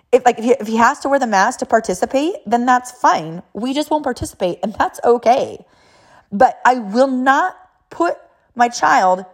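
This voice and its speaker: Emphatic middle-aged mother telling a story. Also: fairly high pitch. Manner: emphatic, repetitive. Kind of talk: personal storytelling.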